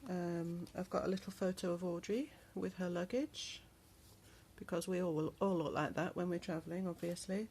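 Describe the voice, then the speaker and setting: A woman's voice: fairly low pitch, steady tone, darkish tone, a little hiss or hum. A woman chatting through a handmade travel journal in a casual show-and-tell vlog, with lots of ums. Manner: chatty, unhurried, many ums. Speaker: crafter showing a handmade journal.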